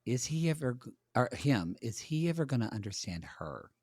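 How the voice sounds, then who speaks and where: A man joins a podcast as a guest, chatting about reality TV in an easy, agreeable way. His voice is mid-pitched for a man. The recording is dry and close, with no room sound. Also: big pitch swings, fairly quick, a little mellow, breathy edge, no room sound. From United States. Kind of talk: casual reality TV recap chat.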